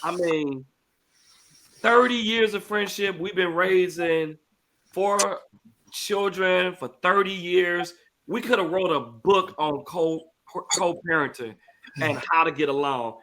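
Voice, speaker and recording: Bright earnest middle-aged pastor host. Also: male voice, high-pitched, slow. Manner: earnest, repeats phrases for emphasis. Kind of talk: emotional talk-show testimony.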